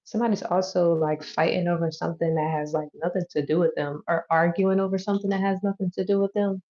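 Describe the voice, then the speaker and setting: A woman's voice: on the low side, fairly even intonation, quick pace, dark tone. A woman giving a loose, chatty tarot reading who swears and laughs easily. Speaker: tarot reader. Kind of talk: casual tarot reading to camera. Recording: dull lo-fi audio.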